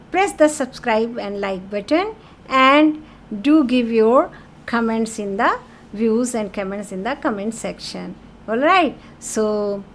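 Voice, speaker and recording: A woman teaching a French lesson in English, explaining patiently and repeating key words with French phrases mixed in. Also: fairly high pitch.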